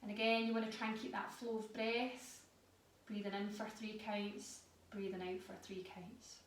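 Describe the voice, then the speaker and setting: A woman leading a yoga class, giving calm, slow guided cues. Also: mid-range voice, a little hiss or hum. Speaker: yoga instructor. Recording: echoey room, voice a bit far from mic.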